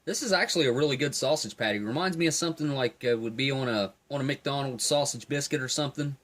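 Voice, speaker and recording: A man's voice: medium pitch, quick pace. Man reviewing field rations on camera. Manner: relaxed, enthusiastic tasting commentary. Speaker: food reviewer. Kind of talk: casual food review.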